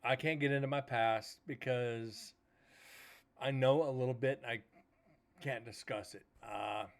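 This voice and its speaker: A man's voice: mid-range voice, fairly even intonation, a little slow. A man hosting a paranormal livestream, casually telling a rambling story, swearing now and then and retelling conversations as quoted dialogue. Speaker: paranormal show host.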